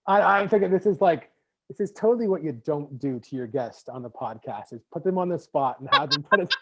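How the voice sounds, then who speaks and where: A man's voice: fairly high pitch, expressive, brisk, noisy background. A man from Canada hosting a podcast interview in casual chat, rambling with many fillers and restarts. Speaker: podcast host. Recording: slightly muffled lo-fi audio.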